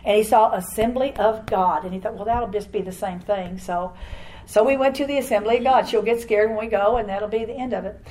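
An older woman giving a rambling, animated personal testimony to a church congregation, laughing often as she tells her story. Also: fairly high pitch, a little fast, low-quality recording.

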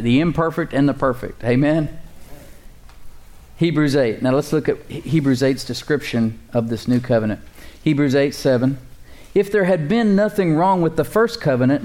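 A man preaches from the pulpit in a voice pitched a little high. He calls out to the congregation and draws out key phrases slowly for emphasis. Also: darkish tone. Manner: call-and-response, repeating key phrases slowly. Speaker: pastor. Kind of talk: sermon.

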